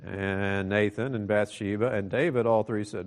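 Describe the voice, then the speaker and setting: A man's voice: on the low side, fairly even intonation, normal speed. A male pastor preaching a sermon, explaining a scripture passage in a teaching manner.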